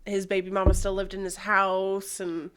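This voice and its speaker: A woman's voice: mid-range voice, monotone, moderate pace, fairly bright tone, smooth. A young woman co-hosting a podcast, candidly telling a personal story, swearing freely and using many fillers. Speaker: podcast co-host.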